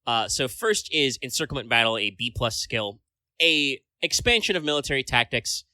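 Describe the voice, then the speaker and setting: A man's voice: mid-range voice, expressive, normal speed, sharp tone, no echo. A man co-hosting a casual podcast chat, rambling along with lots of filler words and casual swearing. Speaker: podcast co-host.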